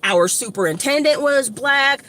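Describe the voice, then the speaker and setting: A woman from Evanston, Illinois, giving a casual, rambling motivational talk to her phone camera outdoors, slangy and animated with lots of asides. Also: high-pitched, a little slow. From Evanston, Illinois, USA. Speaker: motivational vlogger. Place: outdoors by a street with shops. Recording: outdoor traffic noise.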